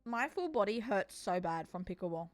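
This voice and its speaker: A woman streamer chats casually and playfully with viewers while gaming, sounding tired and swearing now and then. Her mid-range voice is sing-song at a normal speed.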